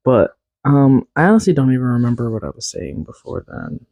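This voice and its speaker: A man's voice: mid-range voice, sing-song, brisk, creaky, dark tone, no room sound. A young man hosting a solo podcast, chatting casually and rambling, correcting himself with little laughs. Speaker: podcast host.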